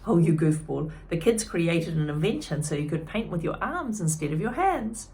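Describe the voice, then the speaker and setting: Woman doing blunt, gruff old lady in a storybook, gravelly. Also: lowish voice, big pitch swings, normal speed, a little mellow. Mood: brusque. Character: gruff older woman, brusque and teasing.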